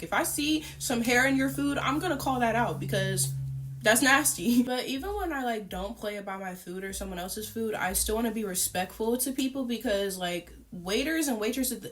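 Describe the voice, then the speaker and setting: Chatty young woman telling a story. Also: on the high side. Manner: chatty, animated retelling with many fillers. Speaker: vlogger. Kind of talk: casual storytime while eating.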